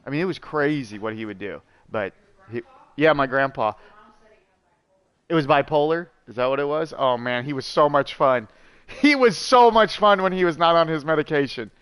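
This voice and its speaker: A man's voice: a little high, moderate pace, fairly bright tone, smooth, dry recording. A man streaming a video game, rambling casually and chatting with his viewers, with many fillers and asides. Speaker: gaming streamer. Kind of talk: casual storytelling while gaming.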